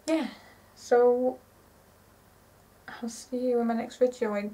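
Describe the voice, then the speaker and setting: A woman in her twenties chatting casually to camera in a rambling, excitable way, often correcting herself. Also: fairly high pitch, slow, recorded from a distance, poor audio. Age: 20s. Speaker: vlogger.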